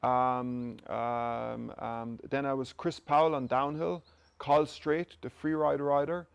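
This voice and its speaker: A man's voice: medium pitch, little pitch movement, slow, creaky, clear, resonant tone. An Irish man, an interview guest, telling stories in a casual chat and acting out the dialogue he quotes. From Ireland. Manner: anecdotal, acts out quoted dialogue. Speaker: interview guest, company director.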